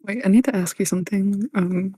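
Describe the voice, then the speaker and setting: A woman's voice: mid-range voice, fairly quick, dark tone, no room sound. A woman playing in an online tabletop game, chatting casually and laughing between lines. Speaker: player. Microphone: online voice chat microphone.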